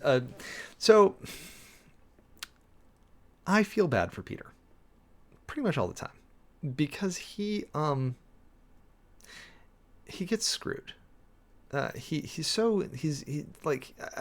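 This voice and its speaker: A man's voice: on the high side, creaky, fairly bright tone. A man preparing a sermon, reading scripture aloud and thinking it through in a rambling, self-interrupting way. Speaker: preacher.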